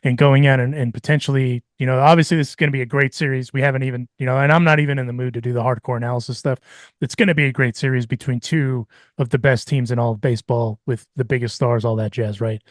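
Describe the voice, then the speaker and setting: A man's voice: mid-range voice, fairly even intonation, fast talker, no room sound, studio quality. A man hosting a podcast, talking in a reflective, casual way and slipping into Spanish phrases. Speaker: podcast host.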